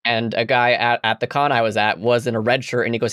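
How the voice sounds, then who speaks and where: A man co-hosting a podcast, relaxed and chatty. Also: medium pitch, fast, a little hiss or hum. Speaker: podcast co-host. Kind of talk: casual interview chat.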